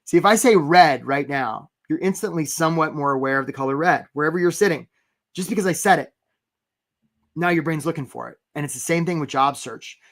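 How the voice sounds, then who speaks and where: A man coaching job seekers in a live webinar, animated and talking straight to viewers by name, acting out little scenes in quoted voices. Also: on the high side, brisk. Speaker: career coach.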